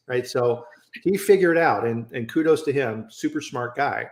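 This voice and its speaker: A man's voice: mid-range voice, normal speed. A man hosting a casual live-stream chat, telling stories and often adding "right?" as he talks over a video call. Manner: animated storyteller, repeats "right?". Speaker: host. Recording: roomy echo.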